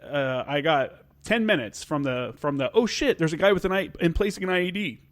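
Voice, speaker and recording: A man's voice: on the high side, animated, fairly quick. A man talking as a podcast guest in casual chat, rambling with lots of fillers. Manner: rambling, filler-heavy, loose.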